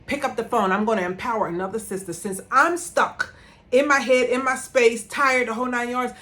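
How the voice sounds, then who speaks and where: A woman's voice: fairly high pitch, fairly quick, a bit bright. A middle-aged woman telling a personal story as a motivational vlogger, talking from a room at home and repeating words for emphasis.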